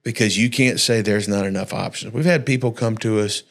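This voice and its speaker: Laid-back pastor, folksy. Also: male voice, lowish voice, a little fast, vocal fry, a bit bright. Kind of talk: casual church podcast chat.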